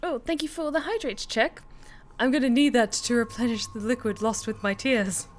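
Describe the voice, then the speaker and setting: A woman's voice: on the high side, normal speed. A woman streaming a game who gives effusive, casual commentary, swears freely and laughs often.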